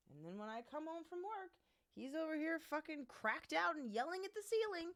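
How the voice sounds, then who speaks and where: A woman streamer chatting casually at home, playfully scolding her cat, with loud outbursts and low mutters. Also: sing-song, fairly quick. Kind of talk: casual live-stream chat.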